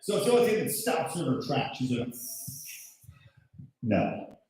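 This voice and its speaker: A man in his thirties does loud, brash stand-up comedy and keeps working the crowd. His voice swings up and down, and he sits a little high for a man. The live mic sounds far off and the room booms with echo. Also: very animated, fast. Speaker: stand-up comedian hosting the show. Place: comedy show in a golf club venue. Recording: echoey room, mic heard from afar.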